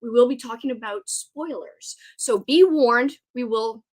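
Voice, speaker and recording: A woman's voice: fairly high pitch, unhurried, a little mellow. A young woman hosting a casual live stream, chatty and giggly as she talks with her guest. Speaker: host.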